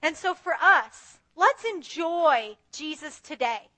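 Bright high-voiced woman preaching. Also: expressive, takes it slowly. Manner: earnest, conversational, acts out prayers to God. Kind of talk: sermon.

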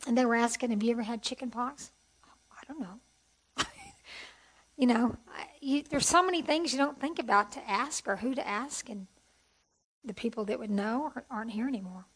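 A middle-aged woman telling her personal testimony in an earnest, heartfelt way, with soft hesitations. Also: high voice, brisk, pauses often, rough recording. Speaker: speaker sharing testimony.

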